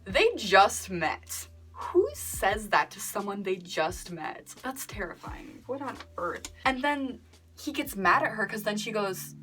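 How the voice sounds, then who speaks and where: A young woman talks through a book review in a casual, chatty way. She is sarcastic and animated, and she slips into a mocking whisper when she quotes the text. Music plays clearly behind her voice. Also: mid-range voice, normal speed.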